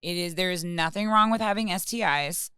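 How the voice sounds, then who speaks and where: A woman's voice: fairly low pitch, fairly quick, pushed and bright, clean tone, no echo, clean studio sound. A young woman talking frankly and with passion on a casual podcast, swearing freely. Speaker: podcast co-host or guest.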